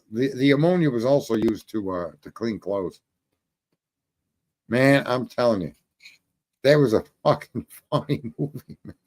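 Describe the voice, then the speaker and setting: A man's voice: medium pitch, a little mellow. A man hosting a call-in livestream, telling stories in a rambling, profane, casual way and laughing at his own jokes. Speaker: call-in show host.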